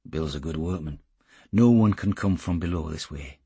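Man reading burly gruff commando, curt low orders, deep husky voice, dry sound. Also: normal speed, dark tone, dry recording, full character voice.

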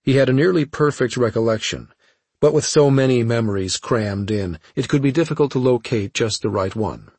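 A man giving scripted audiobook narration in a steady storytelling manner. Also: mid-range voice, normal speed, slightly rough, no room sound.

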